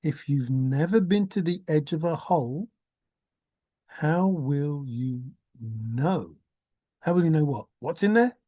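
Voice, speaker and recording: Slow, mellow older woman musing aloud. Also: low voice, animated, dry recording. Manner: repeats words in singsong, hums and laughs to herself. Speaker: treasure hunt vlogger. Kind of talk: rambling musing monologue.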